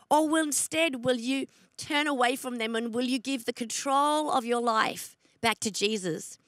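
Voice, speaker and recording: A woman's voice: fairly high pitch, sharp tone, no echo. A woman pastor with an Australian accent giving an online sermon, earnest and emphatic, often repeating her questions.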